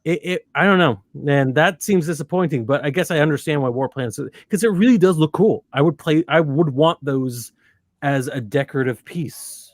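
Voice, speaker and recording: A man hosting a casual chat in an animated, opinionated and jokey way. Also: on the high side, normal speed, dry recording. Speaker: podcast host.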